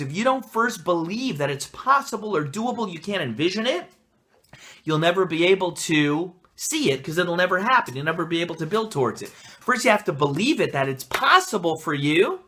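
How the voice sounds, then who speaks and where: A young adult male rabbi and life coach records a casual video answer on his phone camera, talking fast-thinking and excited. His slightly high voice rings with a bright, forward edge as he gives an energetic, enthusiastic pep talk full of encouragement.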